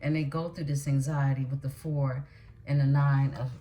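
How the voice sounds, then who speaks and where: A woman's voice: extremely low pitch, flat delivery, moderate pace, heavy background noise. A woman doing a tarot card reading, blunt and emphatic, often checking in with her listeners as she goes. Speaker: tarot reader.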